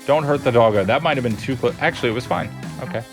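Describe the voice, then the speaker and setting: A man's voice: mid-range voice, fast, music in the background. A man streaming a platform game, chatting casually with his viewers and laughing often. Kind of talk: casual gameplay chat with chat readers.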